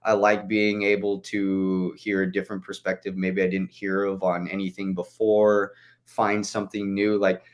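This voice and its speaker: A man's voice: deep voice, flat delivery, moderate pace. A young man chatting as a podcast guest, rambling with lots of "like" fillers and casual swearing. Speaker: guest musician.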